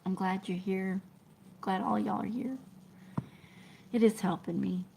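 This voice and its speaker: A woman, talking to her live-stream viewers in an emotional, halting way that often drops to a whisper. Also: medium pitch, fairly even intonation, creaky, a little mellow, slight background noise. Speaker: trucking vlogger reading live chat.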